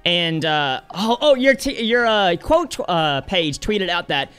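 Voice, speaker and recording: A man joking around while co-hosting a game playthrough. His voice sits high and jumps around a lot. He talks in excited, rambling bursts. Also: takes it slowly, clean tone. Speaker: co-host gamer. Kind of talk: casual let's-play chat.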